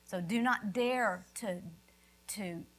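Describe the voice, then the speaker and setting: A woman's voice: mid-range voice, slow pace. A woman preaching a sermon, emphatic, asking questions of her listeners and answering them.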